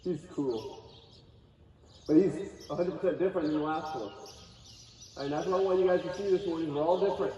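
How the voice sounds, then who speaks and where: A man teaching a live horse-training clinic, talking in a calm, coaxing way to both the horse and the watching group. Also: a little high, a little fast, long pauses, slight background noise. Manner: calm, coaxing, talks to horse and audience in turns. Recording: distant, echoey, dull outdoor recording.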